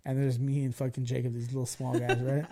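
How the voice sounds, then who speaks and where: A man in his thirties hosting a podcast, telling a story in casual chat, animated, laughing and swearing freely. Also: medium pitch, quick pace. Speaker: podcast host.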